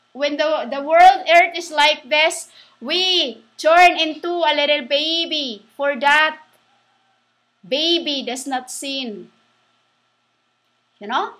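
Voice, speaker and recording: High, bright-voiced woman preaching slowly. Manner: halting, restarts, spells words out letter by letter. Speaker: self-styled preacher. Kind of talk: rambling religious monologue.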